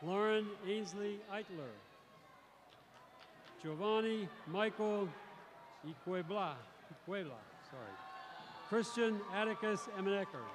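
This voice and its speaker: A male teacher reading out graduates' names one by one at a graduation ceremony in a large arena, in a measured announcing manner. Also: high voice. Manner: measured, announcing each name, with brief self-corrections. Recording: crowd noise in a large arena. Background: crowd cheering.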